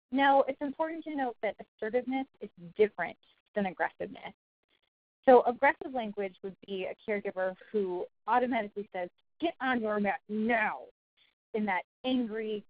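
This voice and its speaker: A woman giving a recorded training talk for caregivers, explaining clearly and acting out example phrases. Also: mid-range voice, no echo. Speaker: early childhood trainer. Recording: dry, phone-like narrow sound.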